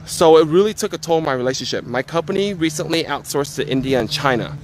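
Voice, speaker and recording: Man, fairly high voice, loud joking streamer on a phone outdoors, light street noise behind. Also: fast talker. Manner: joking, loud, excitable banter. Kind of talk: casual live-stream chat. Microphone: handheld phone.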